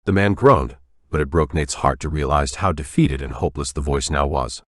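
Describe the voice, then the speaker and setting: A man narrating an audiobook in a measured, even storytelling manner on a close studio mic. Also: a bass voice, dry recording. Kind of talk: scripted narration.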